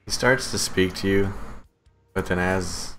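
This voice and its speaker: A man narrating as game master of a tabletop role-playing game, laid-back and quick to laugh. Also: low voice, fairly bright tone. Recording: music playing in the background.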